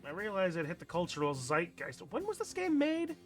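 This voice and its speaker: Wry male streamer, lively pitch. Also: brisk, faint music behind. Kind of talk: reading a visual novel aloud with commentary.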